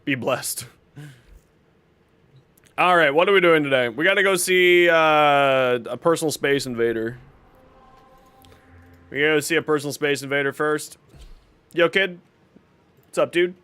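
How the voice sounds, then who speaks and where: A man's voice: fairly high pitch, a little slow, pauses often, bright, forceful tone, clean tone. A man hosting a casual game livestream, greeting viewers by name and joking as he plays. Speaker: livestream gamer.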